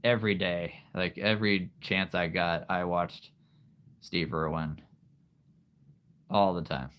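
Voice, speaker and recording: A man's voice: deep voice, fairly even intonation, slow, a bit bright, smooth. A man hosting a casual livestream, rambling to his viewers with many fillers and frequent laughs. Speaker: livestream host.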